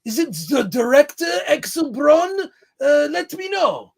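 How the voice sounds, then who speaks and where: A man putting on a pretentious male film director with a drawn-out, affected way of musing. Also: very high-pitched, animated, gravelly, voice pushed up, exaggerated voice.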